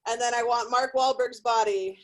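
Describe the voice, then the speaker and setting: Brief: young female comic, high pitch, brash and profane, self-deprecating. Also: steady tone, moderate pace, rough recording. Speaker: stand-up comedian. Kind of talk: stand-up comedy set.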